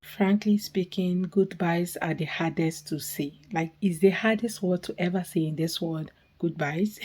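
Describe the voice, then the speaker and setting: A woman's voice: on the low side, unhurried, darkish tone, breathy edge. A woman hosting a commentary channel, talking to viewers in a chatty, emphatic way and asking them questions.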